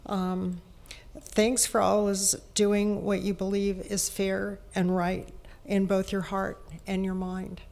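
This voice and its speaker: A woman's voice: medium pitch, completely flat delivery, slow pace, gravelly, darkish tone. A woman giving a public comment in a community hall, emotional and thankful.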